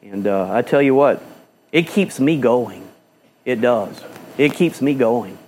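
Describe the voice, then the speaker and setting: A man's voice: medium pitch, animated, takes it slowly, a little mellow, slight background noise. A male pastor preaching a fiery sermon in a church, firing off rhetorical questions and repeating phrases for emphasis.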